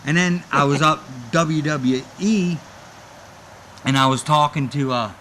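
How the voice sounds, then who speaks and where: Male storyteller, animated, mimics quoted voices; bright tone, faint noise. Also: measured pace. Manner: animated, acts out quoted voices with big pitch jumps. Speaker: wrestler telling career stories. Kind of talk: casual interview storytelling.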